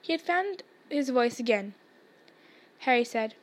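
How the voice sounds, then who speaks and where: High-voiced woman reading a novel aloud. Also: expressive, unhurried, pauses often. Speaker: podcast reader.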